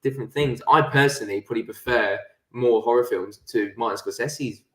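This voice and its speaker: A man's voice: medium pitch, a little fast, fairly bright tone. A young man chatting casually as an interview guest, laughing often and swearing freely over a video call. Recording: echoey room.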